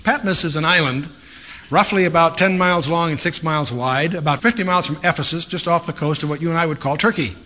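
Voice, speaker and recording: Man doing a chatty bible teaching, bright forceful voice, kinda dull lo-fi recording. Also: on the high side, fast talker. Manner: conversational, storytelling asides. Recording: dull lo-fi sound with faint hiss.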